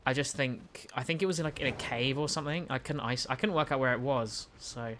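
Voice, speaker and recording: A young man with a British accent chats loosely on a live game stream, tripping over his words and replying to chat as he goes. His voice sits at a middle pitch, and a faint hiss of noise hangs behind him. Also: a little fast, fairly bright tone. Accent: British English. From United Kingdom. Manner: rambling, stumbling restarts, reads and answers chat. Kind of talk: casual live-stream chat while gaming.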